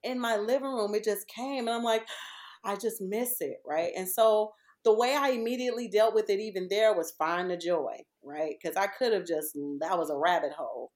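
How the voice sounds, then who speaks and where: A woman in her thirties or forties, speaking in a mid-range voice at a normal speed, is a guest on a podcast. She chats casually and tells stories with animation, laughing a lot along the way.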